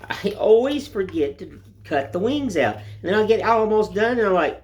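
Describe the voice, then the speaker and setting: A man's voice: sits high, expressive, normal speed, darkish tone. Folksy rambling man. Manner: folksy, rambling, plain-spoken. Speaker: woodcarving vlogger. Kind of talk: casual chat while whittling. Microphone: phone camera.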